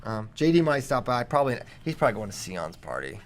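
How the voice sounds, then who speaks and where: A man's voice: mid-range voice, big pitch swings, quick pace. A man hosting a podcast in a studio, chatting casually, rambling and joking at his own expense. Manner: rambling, joking, self-mocking. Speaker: podcast host.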